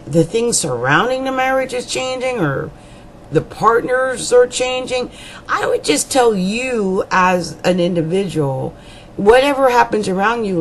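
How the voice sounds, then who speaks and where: A woman reads a monthly horoscope in an informal, rambling way, dropping jokes and asides as she goes. Her pitch swings widely from phrase to phrase, and she repeats key lines for emphasis. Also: a little hiss or hum, rough recording. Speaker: astrologer. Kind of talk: monthly horoscope reading to camera.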